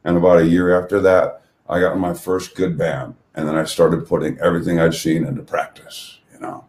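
A man's voice: sits low, little pitch movement, fairly quick, darkish tone, roomy sound. A middle-aged man telling loose, profane stories from his past in casual chat as a guest musician.

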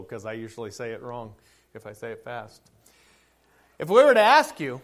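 A man's voice: mid-range voice, wildly swooping pitch, normal speed, long pauses. A middle-aged male pastor giving a conversational sermon in church, with chuckles and asides.

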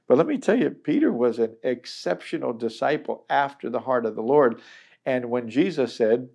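A man's voice: medium pitch, animated, normal speed, gravelly, darkish tone, slightly rough. A middle-aged man teaching a Bible chapter in a conversational, earnest way, acting out the people he quotes.

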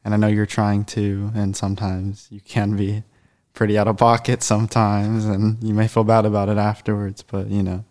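A man's voice: fairly low pitch, flat delivery, normal speed, a little mellow. A young man co-hosting a podcast, giving brief, easygoing replies in casual chat. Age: young adult. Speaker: podcast co-host.

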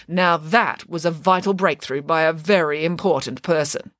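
A woman's voice: low-pitched, normal speed, fairly bright tone, no echo, clean studio sound. A woman voicing a self-important, cake-loving female pig nanny in a storybook, talking theatrically with dramatic sighs. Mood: grandly opinionated. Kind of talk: storybook character voice.

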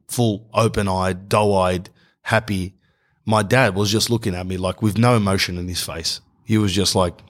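Young Aussie comic storyteller, lowish voice, acts out each character. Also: male voice, moderate pace. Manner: animated, acts out characters in dialogue. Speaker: comedian.

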